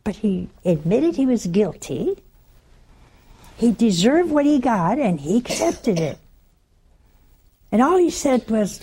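A woman's voice: on the high side, very animated, slow pace, pauses often, dark tone, slightly rough. A woman preaching a sermon in a teasing, conversational way, acting out the stories she tells.

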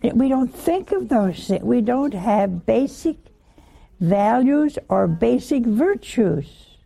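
Slow, gravelly-voiced older woman preaching. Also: on the high side, lively intonation, warm tone. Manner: chatty, asks the listeners questions, laughs often. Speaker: religious teacher. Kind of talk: informal sermon.

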